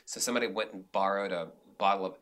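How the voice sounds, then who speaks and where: Man, bright voice, lowish pitch, animated interview storyteller, restarts sentences. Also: fast, slight background noise. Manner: animated, acts out quotes, frequent restarts. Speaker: director and actor guest.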